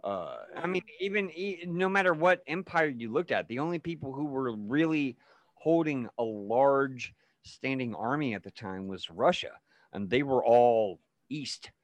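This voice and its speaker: A man's voice: mid-range voice, unhurried, no room sound. A man from Wales in casual podcast chat, telling stories with lots of swearing and acted-out quotes. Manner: animated, profane storytelling with acted-out quotes.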